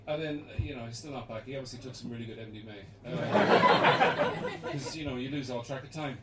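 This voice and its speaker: Young Irish stand-up, rambling and chuckling, high voice, caught from a distance in a roomy basement. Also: male voice, big pitch swings, quick pace. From Ireland. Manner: rambling, chuckling through jokes, sudden shouted bits. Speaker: stand-up comedian. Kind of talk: live stand-up set. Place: small basement comedy room. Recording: echoey basement gig, distant mic, loud noise.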